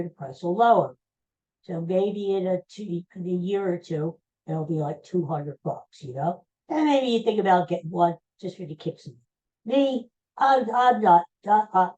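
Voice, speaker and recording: A man's voice: high voice, mellow. A man hosting a podcast, telling a story in a chatty, rambling way and often breaking off mid-phrase to restart. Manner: chatty, rambling, self-interrupting. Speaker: podcast host. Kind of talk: casual storytelling monologue. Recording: dull lo-fi recording.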